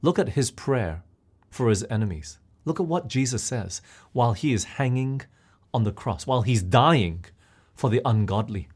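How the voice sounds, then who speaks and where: A man delivers a sermon in a voice of middle pitch. He keeps turning to his listeners with questions as he preaches. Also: animated, normal speed, a little mellow, husky. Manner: asks the listeners questions often.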